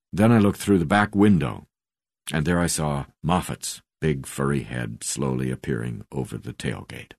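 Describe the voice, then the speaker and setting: A man with a strikingly low, deep voice narrates a memoir in a measured, unhurried reading, often sinking to a near-hush at the ends of phrases. The sound is close and dry, with no room around it. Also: creaky, dry recording. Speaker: audiobook narrator.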